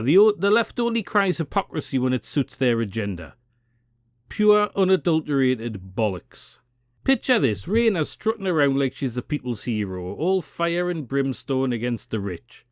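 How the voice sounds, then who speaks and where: A man's voice: mid-range voice, no echo, studio quality. A man with a Geordie accent hosting a political rant channel, swearing freely and mocking his targets with biting sarcasm. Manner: profane, sarcastic, combative. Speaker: political commentary channel host.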